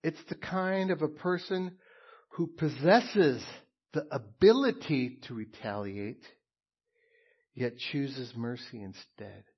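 Slow husky-voiced male preacher. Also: mid-range voice, dull audio. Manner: earnest, emphatic preaching with pauses and repeated phrases. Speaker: pastor. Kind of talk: sermon.

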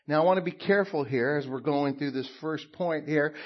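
A middle-aged man preaching a sermon as a pastor, slow and emphatic, dropping to hushed tones at times. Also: fairly high pitch, dull audio.

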